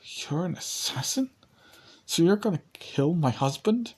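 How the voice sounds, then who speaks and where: A defiant captive young woman, as a man puts her on in a homemade spoken story. She speaks in a husky, raised voice with a lively, swinging pitch, startled and pleading by turns. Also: a little slow.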